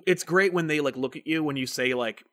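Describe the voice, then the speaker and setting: A man hosting a casual chat, telling animated stories full of swearing and acted-out voices. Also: fairly quick. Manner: animated storyteller, swears, acts out voices with big pitch jumps. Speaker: podcast host.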